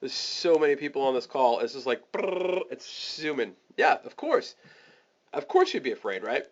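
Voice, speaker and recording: A man teaching a webinar, giving energetic step-by-step sales coaching and acting out the scripts for his listeners. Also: medium pitch, normal speed, dull audio. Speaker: online marketing coach.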